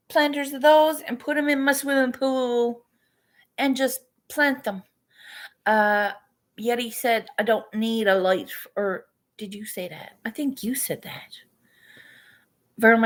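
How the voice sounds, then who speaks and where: A woman chatting casually to her viewers in a morning vlog, swearing and laughing often as she talks. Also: medium pitch. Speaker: vlogger.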